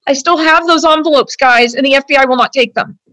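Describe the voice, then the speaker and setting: A woman's voice: sits high, fast talker, bright, forceful tone, dry recording. A woman speaking as an interview guest, telling a personal account earnestly and at length, with many fillers, her voice turning tearful and strained when upset.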